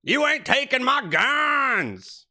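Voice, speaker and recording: Guy putting on a loud drawly gun-nut redneck voice, indignant, a bit higher than his normal voice. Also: lively intonation, moderate pace. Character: angry gun-loving rural man, 35 to 40, tobacco-chewing.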